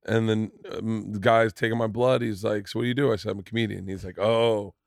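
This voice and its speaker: A man's voice: lowish voice, fairly even intonation, brisk, gravelly, dry recording, clean studio sound. A man hosting a casual podcast chat, laughing often and swearing casually. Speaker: podcast host.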